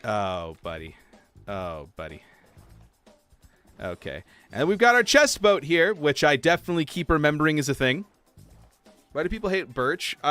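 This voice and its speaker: Streamer, male, lively up-and-down delivery, faint music underneath. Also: fairly high pitch. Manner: chatty, animated, soft laughs. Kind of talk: casual livestream gameplay chat.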